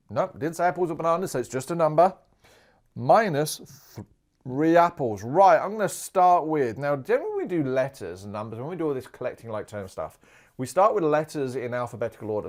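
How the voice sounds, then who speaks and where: Male maths teacher, animated pitch, playful and talkative, walking through worked examples. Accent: Australian. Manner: chatty and playful, thinks out loud while writing. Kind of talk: video maths lesson.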